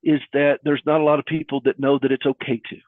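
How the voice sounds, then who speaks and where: A man's voice: mid-range voice, little pitch movement, quick pace, no room sound. A middle-aged man speaking earnestly and preacherly in a conversational interview, with folksy metaphors. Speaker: guest caregiver advocate. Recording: husky voice over a thin phone-like line.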